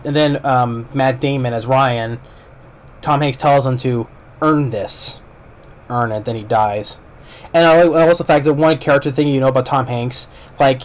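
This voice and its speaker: A man giving a casual, rambling movie review, retelling the plot with lots of fillers and restarts. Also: medium pitch.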